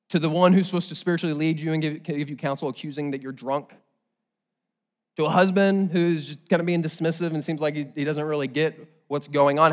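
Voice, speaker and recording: A young man preaching a sermon, telling the story with lively, animated delivery and acting out the quoted lines. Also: a little high. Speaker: pastor.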